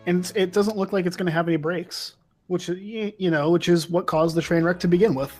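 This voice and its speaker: A man's voice: high-pitched, steady tone, fairly quick, faint music behind. A man in casual livestream chat, hesitant and full of ums, telling crude jokes.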